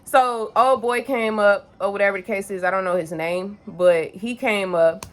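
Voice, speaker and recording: A woman's voice: mid-range voice, steady tone, moderate pace. Young woman vlogging, rambling and swearing, talking straight to camera. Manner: candid, swears freely, rambling with filler phrases. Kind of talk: casual storytime vlog.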